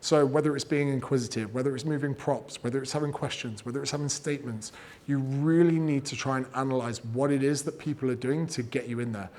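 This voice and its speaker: A man giving casual, energetic advice on growing an audience, swearing freely and acting out what people say. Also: medium pitch, fast talker. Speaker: fitness and business coach giving creator advice. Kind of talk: casual talk, teaching.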